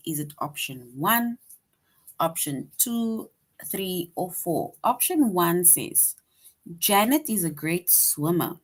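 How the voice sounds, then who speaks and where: Slow-speaking patient female teacher. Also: fairly low pitch, very animated. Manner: patient, repeats "right?" after each point. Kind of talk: online grammar lesson for young children.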